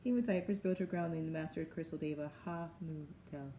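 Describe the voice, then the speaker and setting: Low, fast, and dark-toned with vocal fry, a woman in her forties from the U.S. South delivers a musing, effusive spiritual tarot reading where many things get called wild. Background noise fills the echoey room.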